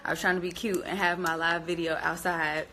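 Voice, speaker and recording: A young woman with a bright, forward voice talks straight into her phone on a live stream. She tells a story to her viewers in a lively, chatty way and laughs often, calling them y'all. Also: lowish voice, a little fast, slight background noise. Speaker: vlogger hosting a journaling live stream.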